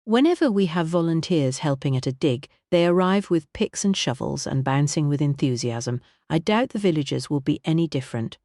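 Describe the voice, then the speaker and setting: A narrator doing a well-bred lady archaeologist in an audiobook, cheerful and animated as she talks. The voice is mid-pitched and dry, recorded close. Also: normal speed, hardly any pauses, dry recording, close to an everyday voice. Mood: eager. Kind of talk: audiobook character reading.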